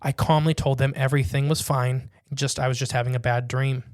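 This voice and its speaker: A man co-hosting a casual podcast, reading a listener's written story aloud and breaking in with quick jokes and asides. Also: medium pitch, little pitch movement, no echo, clean studio sound.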